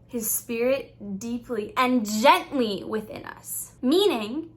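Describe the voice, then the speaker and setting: A young woman, a Christian YouTuber, giving an earnest, expressive faith teaching to camera. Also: on the high side, takes it slowly. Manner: earnest, expressive, playfully acts out quoted thoughts. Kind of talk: faith-based teaching vlog.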